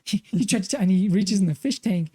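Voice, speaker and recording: A man's voice: high-pitched, fast, mellow, husky. A man co-hosting a film podcast, retelling scenes in a rambling, casual way with lots of fillers. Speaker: podcast co-host. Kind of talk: casual film review chat.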